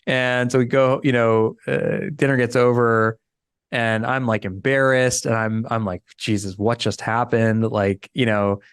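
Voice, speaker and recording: A man's voice: medium pitch, a little slow, smooth, dry recording, clean studio sound. A middle-aged man, a podcast guest, telling a story in a casual interview and acting out the voices of the people in it. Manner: animated storyteller, acts out quotes.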